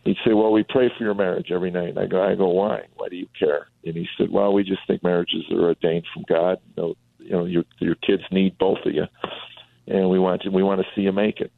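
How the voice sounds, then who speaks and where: A man's voice: low voice, flat delivery, fast talker, vocal fry, no echo. A middle-aged comedian telling his life story on a radio talk show, acting out the voices of people he quotes. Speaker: comedian and author guest. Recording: tinny phone line.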